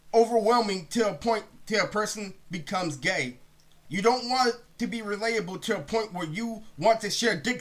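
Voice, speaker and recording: A young man talks straight to camera in a high, bright voice. His monologue is heated and rambling, full of profanity. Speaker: vlogger.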